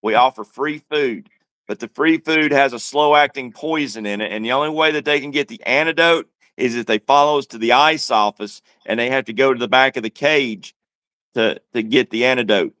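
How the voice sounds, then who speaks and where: A man's voice: mid-range voice, normal speed, pushed and bright, no echo. A man co-hosting a casual livestream chat, talking in a laid-back, wry drawl. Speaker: livestream co-host.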